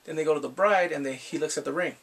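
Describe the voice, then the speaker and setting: A man's voice: on the high side, fast talker, a bit bright, recorded from a distance. A man casually recapping and reviewing a TV episode, laughing often and acting out characters' lines.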